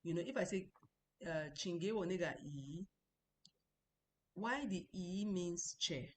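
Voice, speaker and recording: A woman teaching a language lesson, explaining patiently, repeating example sounds slowly and often restarting her sentences. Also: on the low side, expressive. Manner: frequent restarts and stammering. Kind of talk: recorded online lesson.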